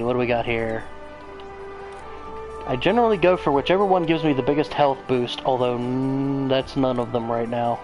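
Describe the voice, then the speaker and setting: A man's voice: mid-range voice, rough recording. Profane rambling gamer man. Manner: rambling, profane, joking asides. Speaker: let's play host. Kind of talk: casual gameplay commentary.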